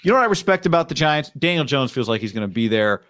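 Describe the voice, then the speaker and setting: A man's voice: medium pitch, very animated, fast talker, a bit bright, no room sound, studio quality. A man co-hosting a casual football podcast, telling stories loosely and acting out what coaches say. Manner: loose storytelling, acts out coaches' quotes. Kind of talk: casual sports chat.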